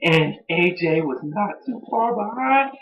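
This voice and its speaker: A man giving a casual recap of a wrestling show as an excitable fan, chatty and full of fillers. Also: high voice, a little slow, lo-fi sound. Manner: excitable, bursts into shouting and laughter, chatty with fillers.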